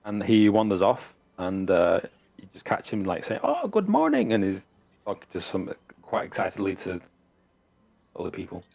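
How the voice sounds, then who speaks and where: A man running a tabletop game, narrating in a fairly low voice. He pauses often and fills the gaps with ums as he describes the scene to his players. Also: vocal fry, dull audio. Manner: relaxed, halting narration with many fillers. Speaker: game master.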